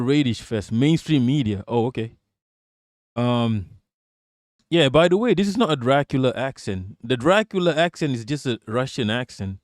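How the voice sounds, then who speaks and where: A man's voice: medium pitch, no room sound, clean studio sound. A man streaming live, giving sarcastic, profane commentary and answering his chat. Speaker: streamer reacting to a clip and chat.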